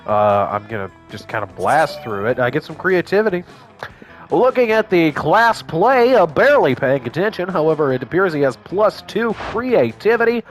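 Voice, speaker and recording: A man's voice: fairly high pitch, big pitch swings, normal speed, faint music behind. A man giving crude, joking let's play commentary on a game, irreverent and offhand. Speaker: game streamer.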